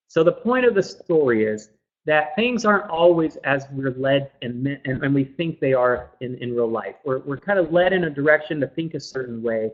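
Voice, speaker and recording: A man's voice: on the high side, expressive, moderate pace. A man, a functional medicine practitioner, giving an earnest webinar presentation and often repeating words as he goes. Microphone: laptop microphone. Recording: dull lo-fi laptop audio.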